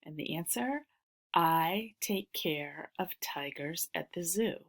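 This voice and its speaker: Woman slowly reading dictation sentences. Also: lowish voice, expressive, vocal fry, slight background noise. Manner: slow, careful reading with repeated sentences. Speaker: dictation reader.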